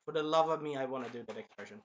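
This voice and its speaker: A man giving a casual anime episode review, excitable, acting out scenes in bursts and swearing freely. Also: medium pitch, very fast, dull audio, slight background noise.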